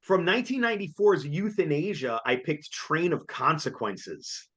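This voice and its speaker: Excitable man, slightly high voice. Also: normal speed. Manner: excitable, jokey, laughs often. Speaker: co-host reviewing a concert. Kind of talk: casual chat.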